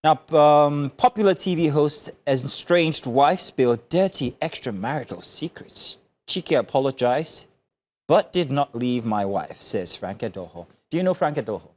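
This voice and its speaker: A man's voice: mid-range voice, animated, moderate pace, a little mellow. A man from Nigeria co-hosting a morning TV news show, reviewing the newspapers and teasing his co-host in chatty, jokey studio banter.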